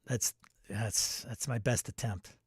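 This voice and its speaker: A man's voice: medium pitch, animated, moderate pace, dry recording, studio quality. A man hosting a casual livestream chat, reading out viewer comments and laughing often. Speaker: host.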